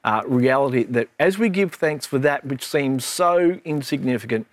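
A man's voice: medium pitch, lively intonation, moderate pace, no room sound. A middle-aged man, a minister, in an earnest and reflective Bible discussion with his daughter, telling stories as he goes.

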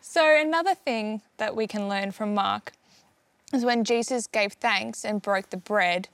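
Young woman, encouraging, prophetic tone, mid pitch, dry sound. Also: a little slow, fairly bright tone, clean tone, no room sound. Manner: encouraging, speaks as if giving prophecy. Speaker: co-host, daughter of the minister. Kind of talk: casual Bible discussion.

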